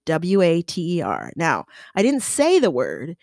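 A woman's voice: on the low side, huge pitch swings, measured pace, gravelly, darkish tone, dry recording, clean studio sound. A woman from the United States hosting a casual solo podcast, chatty and playful, who slips into accent impressions as she talks.

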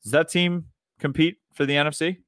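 A man's voice: a little high, steady tone, a little fast, fairly bright tone, no echo, clean studio sound. A married man co-hosting a casual sports podcast, telling stories in a laid-back way. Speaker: podcast co-host.

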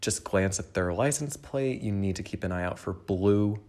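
A man's voice: lowish voice, normal speed, a little mellow. A young adult man hosting a podcast from home, thinking aloud in a candid, rambling way and speaking straight to the listener. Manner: addresses the listener directly. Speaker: podcast host. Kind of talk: casual solo reflection.

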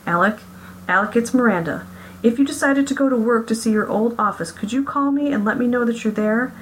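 A woman voicing a frantic, lovesick wife who pleads faster and faster as she searches for her missing husband. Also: on the high side, a little hiss or hum, voice pushed up, lightly acted, low-quality recording.

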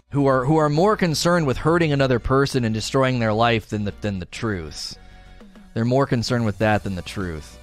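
A man's voice: medium pitch, lively intonation, normal speed, soft background music. A man streamer in a heated, defensive monologue, repeating himself as he vents. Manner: indignant, defensive, repetitive. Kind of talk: ranting monologue.

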